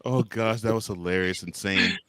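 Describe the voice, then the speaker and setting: A man's voice: fairly even intonation, moderate pace, sharp tone, smooth. A man co-hosting a sports podcast, teasing and giggling. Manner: teasing, giggly, swoops high when laughing. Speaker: podcast co-host. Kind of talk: casual sports podcast banter.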